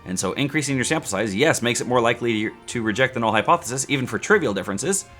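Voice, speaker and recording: Animated, playful male statistics teacher. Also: mid-range voice, fast talker, soft background music. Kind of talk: scripted educational video.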